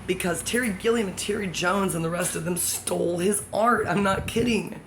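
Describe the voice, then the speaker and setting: A woman talks straight to the camera in a loose, wandering monologue, stopping to correct herself and toss in jokes. Her voice has a gravelly fry to it. A clear layer of background noise sits under the recording. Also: fairly low pitch, moderate pace, few pauses, a bit bright. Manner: scattered, self-correcting, jokey asides. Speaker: vlogger.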